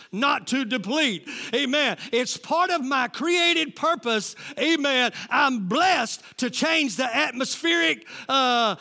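A man preaching a sermon as lead pastor, calling out to the congregation and shouting rising lines. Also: very high-pitched.

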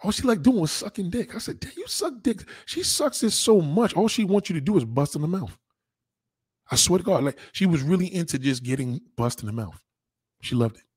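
Husky guy rambling crude slang on a stream, lively pitch, dry close sound. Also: fairly quick, no echo. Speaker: host. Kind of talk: casual streamed chat.

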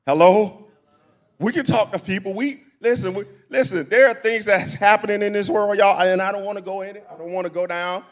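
A man with a high voice delivers a sermon in a church. He preaches in a folksy, conversational way, repeating his phrases and asking the congregation questions to draw them in. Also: fairly even intonation, brisk. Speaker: pastor. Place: church sanctuary.

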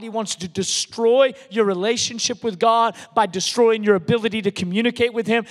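High-voiced preacher in a reverberant hall. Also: male voice. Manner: emphatic, repeats words when building a point. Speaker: pastor. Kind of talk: sermon. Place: large church hall.

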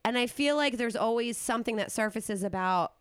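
A woman's voice: on the high side, brisk, smooth, no room sound, studio quality. A young adult woman hosting a podcast, chatting casually and self-deprecatingly, swearing freely. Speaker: podcast host.

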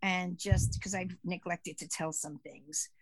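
A woman co-hosting a podcast in casual chat, explaining pagan holidays at a relaxed pace with many fillers. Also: on the low side, measured pace, no echo. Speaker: podcast co-host.

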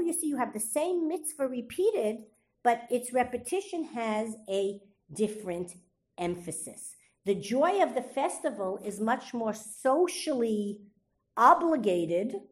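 A woman's voice: fairly high pitch, a little mellow. A woman teaching a Torah class, reading Hebrew verses aloud and quizzing her students with questions she then answers. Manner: reads Hebrew verses aloud between explanations.

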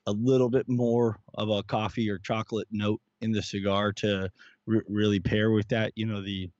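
A man's voice: fairly low pitch, flat delivery, normal speed, a little mellow, no room sound, lo-fi sound. A man co-hosting a casual cigar and beer tasting chat, talking in long rambling runs full of fillers and restarts. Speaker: podcast co-host.

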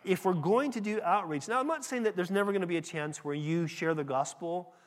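A man's voice: sits high, fairly quick. A man preaching a sermon in a conversational, emphatic way, often restarting his phrases. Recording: long hall reverb.

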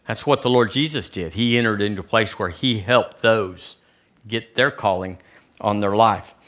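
A man's voice: lowish voice, moderate pace, fairly bright tone. A man preaching a conversational sermon in a church, asking the congregation rhetorical questions. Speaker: pastor. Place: church sanctuary.

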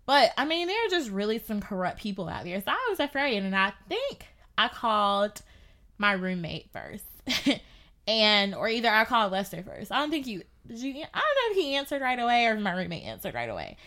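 Animated woman telling a story. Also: mid-range voice, brisk. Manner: animated, lots of "like". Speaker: podcast guest. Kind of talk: casual storytelling chat.

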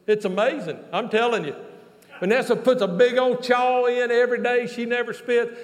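A man telling a folksy, animated sermon story as a pastor, with loud exclamations. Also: very high-pitched, normal speed. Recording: long hall reverb.

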